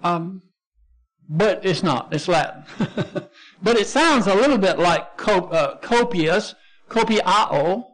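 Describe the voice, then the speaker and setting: A man's voice: sits high, animated, takes it slowly, pauses often. A man with a Texan accent teaching a Bible lesson as pastor, explaining Greek words step by step and spelling them out letter by letter. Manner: explains word by word, spells out Greek terms, frequent restarts.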